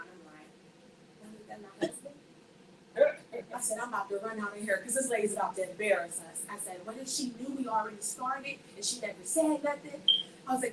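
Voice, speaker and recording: A woman's voice: a little high, fairly quick, crowd noise. A woman giving a faith testimony to a group, telling her story with energy and acting out the voices of the people in it. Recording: echoey room, voice from a distance, faint background noise.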